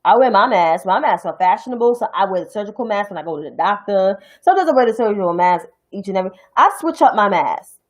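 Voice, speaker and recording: A young New York City woman with a New York accent rants about politics on her own stream, heated, blunt and profane. Her mid-range voice is lively and quick with few pauses, and the audio quality is poor.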